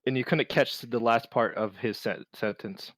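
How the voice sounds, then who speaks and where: A man running a tabletop game as game master, narrating with many pauses and restarts. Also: mid-range voice, fairly bright tone, no echo. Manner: halting, many fillers and restarts.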